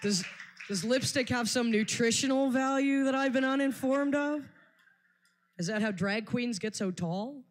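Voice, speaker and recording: A woman's voice: a little high, a little slow, slight background noise. A woman doing a stand-up set on a live stage, telling stories in a dry, wry way. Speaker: stand-up comedian.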